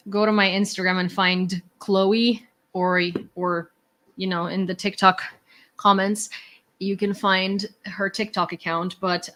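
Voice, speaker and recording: A woman's voice: medium pitch, a bit bright. A woman from Ukraine hosting a casual livestream, chatting with viewers in an ironic, rambling way with many fillers and restarts, at home indoors. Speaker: livestream host.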